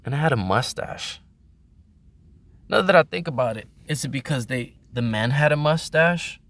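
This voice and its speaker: A man's voice: medium pitch, lively intonation, normal speed, a bit bright, dry recording. A man hosting a casual video, rambling and swearing as he talks about old armor and laughs often. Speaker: host. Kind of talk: casual vlog commentary.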